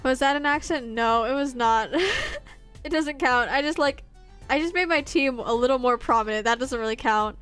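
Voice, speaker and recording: A woman's voice: high-pitched, normal speed, a bit bright, smooth, soft background music. A young woman streaming a game, chatting casually and giggling between reading its text aloud. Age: young adult. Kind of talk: casual livestream gameplay chat.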